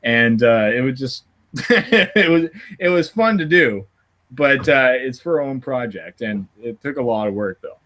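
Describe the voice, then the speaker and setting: A man's voice: medium pitch, animated, a little slow, a bit bright, slight background noise. Laughing, rambling podcast host guy. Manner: laughs often, rambling with restarts. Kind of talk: casual podcast chat.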